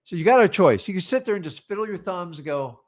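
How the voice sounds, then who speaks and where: A man's voice: high-pitched, animated, fast. A man coaching a class on real estate deals, talking in punchy, direct bursts and acting out sample lines with sellers. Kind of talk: live training talk.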